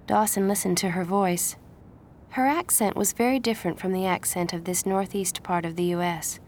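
Lady reading a graded reader out loud, slightly low with a bit of vocal fry, faint hum behind. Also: steady tone, normal speed. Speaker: audiobook narrator. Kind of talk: scripted storybook narration.

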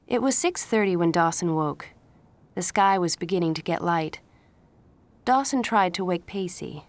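A woman narrating a simple story aloud in a clear, steady read-aloud pace. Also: lowish voice, normal speed. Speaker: audiobook narrator.

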